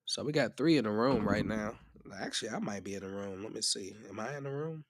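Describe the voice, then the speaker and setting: A man's voice: on the low side, expressive, brisk, no echo, studio quality. A man hosting a live music-production tutorial stream, rambling in a casual, chatty way while a bit under the weather. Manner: rambling and chatty, often restarts.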